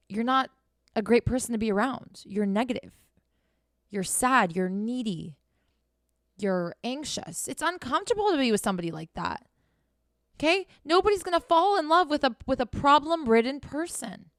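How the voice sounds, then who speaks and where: A woman's voice: medium pitch, dry recording, clean studio sound. A young woman giving blunt, profane, sarcastic motivational advice as a self-help podcast host.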